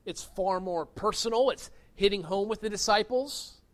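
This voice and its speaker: A man's voice: high voice, normal speed. A man preaching a sermon as pastor, earnest and emphatic, pressing his points with rising stresses.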